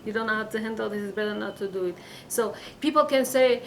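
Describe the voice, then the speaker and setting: A woman's voice: mid-range voice, quick pace, few pauses, slight background noise, poor audio. A woman giving an informal weekly religious class, earnest and advising, with many fillers and restarts.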